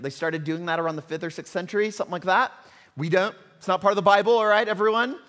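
Male pastor, dramatic sermon storyteller, long hall echo. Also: on the high side. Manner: dramatic storytelling, swings between loud and hushed.

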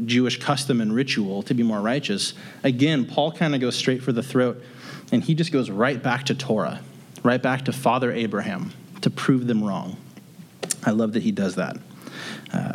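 Man, Bible teacher, casual verse-by-verse teaching, conversational, joking asides, medium pitch.

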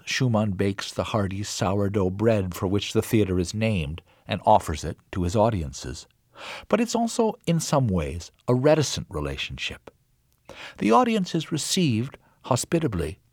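A man reading scripted documentary narration in a measured, expressive way. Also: no room sound, clean studio sound. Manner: measured, expressive reading with wide pitch swings.

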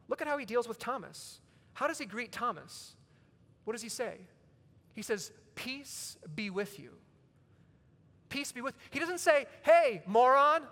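A man's voice: high voice, a bit bright. A man in his thirties preaching a sermon, telling a casual story between emphatic points. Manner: conversational storytelling preacher, rising to emphatic peaks. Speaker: pastor. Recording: long reverb of a large hall.

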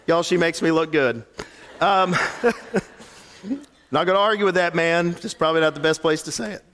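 Pastor preaching in a reverberant hall. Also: male voice, fairly high pitch, moderate pace. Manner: storytelling, swings from hushed to animated. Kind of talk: sermon.

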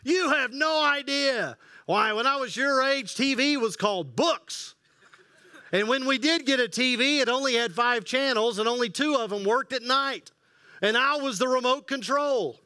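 A man playing a loud, boastful old man who tells exaggerated tall tales with drawn-out punchlines. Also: very high voice, clear, resonant tone, no room sound, pitched above the performer's own voice.

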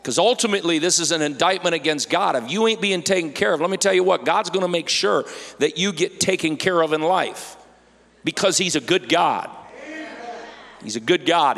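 A man's voice: on the high side, lively intonation, fairly quick, gravelly, a bit bright. Guy preaching a sermon, playful, does silly worried voices, echoey church hall. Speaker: pastor. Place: church sanctuary. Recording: church hall with long reverb.

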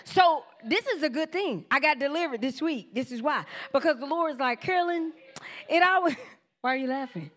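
High-voiced woman preaching with lively storytelling. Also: brisk. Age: 40s. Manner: animated storytelling, acts out quoted voices, laughs often; informal church talk, addresses the congregation directly. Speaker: preacher giving testimony. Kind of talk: casual sermon testimony.

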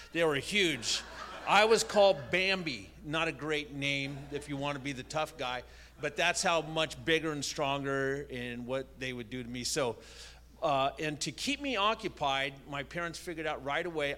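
An older male pastor shares a childhood story from the pulpit. He talks casually, with frequent restarts and a self-deprecating manner. His voice sits at an ordinary middle pitch. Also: a bit bright. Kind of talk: sermon storytelling.

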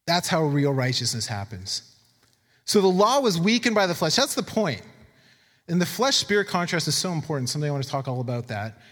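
A man delivers a sermon in a high voice, talking casually to his listeners and then leaning hard into the scripture he reads aloud. He repeats key words for emphasis. A long hall reverb trails after each phrase. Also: very animated, a little fast, a bit bright. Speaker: pastor.

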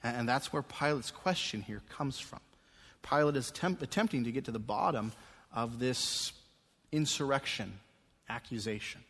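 Animated male pastor preaching in a reverberant sanctuary. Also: medium pitch, moderate pace. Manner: animated preaching, swinging from quiet asides to emphatic raised passages. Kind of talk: expository sermon. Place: church sanctuary during a service. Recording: long reverb of a church sanctuary.

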